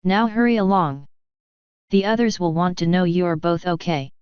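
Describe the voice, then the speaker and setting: A woman's voice: fairly low pitch, moderate pace, clean tone, no echo, muffled recording, close to an everyday voice. A woman voicing a smug, teasing female water elemental.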